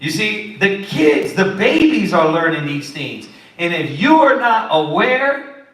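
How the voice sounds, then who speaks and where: A man teaching the Bible in a lively, preachy way, acting out what kids and parents say. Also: high-pitched. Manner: animated, preachy, acts out quotes of kids and parents. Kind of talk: sermon-style teaching. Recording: echoey room, far from the mic.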